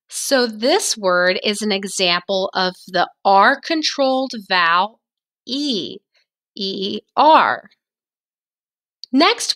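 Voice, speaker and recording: A woman teaching a phonics lesson to young children, enunciating slowly and drawing out each sound. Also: fairly high pitch, sharp tone. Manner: slow, clearly enunciated, drawn-out sounds.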